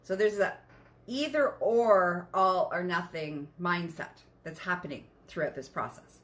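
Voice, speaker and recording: Bright-voiced woman hosting a podcast. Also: fairly low pitch, unhurried. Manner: emphatic, frank, swears, checks in with listeners. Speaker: podcast host. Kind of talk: casual podcast monologue.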